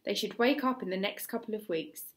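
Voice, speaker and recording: A woman with an English accent voicing a gruff, scornful male Viking teacher who shouts at his pupils. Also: mid-range voice, fairly quick, close to an everyday voice. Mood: lecturing.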